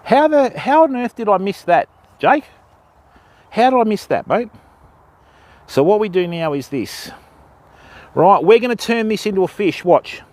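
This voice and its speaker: A man's voice: sits high, big pitch swings, unhurried, pauses often, a little mellow. An Australian man chatting casually on a live fishing stream, explaining step by step how to bait and rig for the viewers. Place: outdoors on a river bank at dusk.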